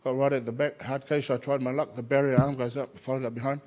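A man, a Christian chaplain, telling lively personal stories and acting out the voices of the people in them. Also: mid-range voice, fast talker, muffled recording. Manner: animated anecdotes, acts out quoted voices. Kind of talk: personal storytelling.

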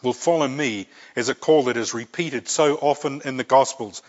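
A man's voice: medium pitch, normal speed. A man preaching a sermon, earnest and repeating key phrases for emphasis. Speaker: pastor. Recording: dull lo-fi recording.

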